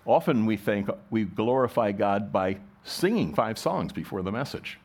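Lowish-voiced man preaching a conversational sermon. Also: expressive, moderate pace. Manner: conversational preaching with rhetorical questions and restarts. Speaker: pastor.

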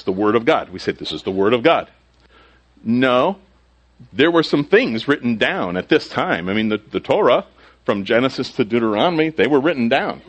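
A male pastor with a medium-pitched voice teaches through a Bible passage in a conversational sermon. Now and then he acts out the people being quoted.

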